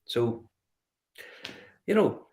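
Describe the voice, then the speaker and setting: A middle-aged man with a Northern Irish accent, telling animated travel stories in casual chat and acting out the dialogue. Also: extremely slow. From Northern Ireland. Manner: animated storyteller, acts out dialogue. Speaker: whiskey show guest.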